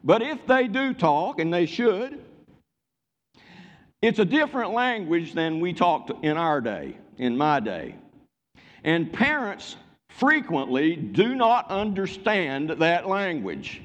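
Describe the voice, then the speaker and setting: Older man, pastor, folksy joking sermon, fairly high voice, long church reverb. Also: very animated, slow, highs cut off. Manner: folksy, joking, calls for amens. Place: church sanctuary.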